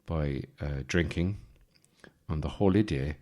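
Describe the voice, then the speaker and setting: An Irish man in his forties, hosting a podcast with a rambling, deadpan comic monologue full of fillers and restarts. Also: extremely low pitch, unhurried. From Ireland. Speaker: podcast host.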